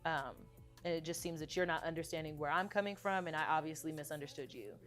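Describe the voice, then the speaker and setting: A young woman with a slightly low voice chats casually in an interview about her songs. She tells stories in an animated way and laughs often. When she recites her lyrics, she goes quieter and softer. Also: fast talker, soft background music. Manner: reads her lyrics aloud softly. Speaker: singer-songwriter guest.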